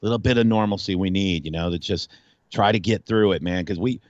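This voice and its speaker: A male radio host in casual sports talk, animated and rambling, with frequent restarts. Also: deep voice, fairly quick, dry recording, lo-fi sound.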